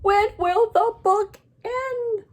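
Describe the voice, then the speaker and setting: A woman doing a panicky cartoon elephant. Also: full character voice. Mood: panicked. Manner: loud, high, drawn-out exclaiming. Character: excitable male elephant, easily panicked.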